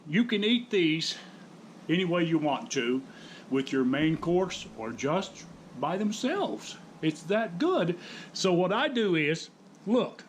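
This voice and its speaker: A man's voice: high-pitched, a little hiss or hum, poor audio. A man hosting a casual home cooking demonstration, talking to his viewers in a folksy way and calling them folks. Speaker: cooking channel host.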